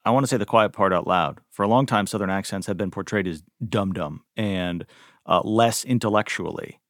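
A man co-hosting a radio show, asking a guest questions with some halting restarts. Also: sits low, fairly bright tone, no room sound, clean studio sound.

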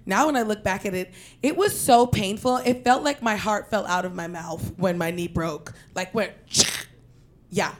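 A young woman from Queens telling a personal story in an animated, profane way, breaking into loud shouted quotes. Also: mid-range voice, moderate pace. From Queens, New York.

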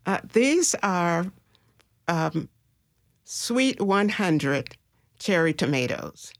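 Halting woman with a gravelly, dry voice. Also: lowish voice, sing-song, no room sound. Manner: slow, halting, many filler pauses. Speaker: master gardener guest. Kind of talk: radio interview answers. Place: radio studio.

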